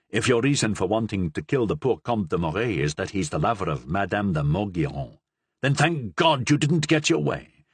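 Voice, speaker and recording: A man voicing an arrogant, mocking nobleman who talks in a smug, drawling, low manner. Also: breathy edge, no echo, exaggerated voice.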